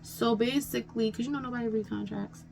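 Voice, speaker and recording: Gravelly woman rambling through a storytime. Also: on the high side, steady tone, brisk, darkish tone, rough recording. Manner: rambling, conversational, frequent "you know what I'm saying". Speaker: vlogger telling a story. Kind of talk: casual storytime chat. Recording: faint background noise.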